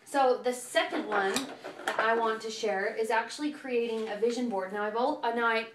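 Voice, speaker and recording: A woman's voice: a little high, moderate pace, noisy background. A woman working as a self-love coach gives earnest, encouraging advice in a casual vlog, with lots of fillers. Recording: echoey room, far from the mic.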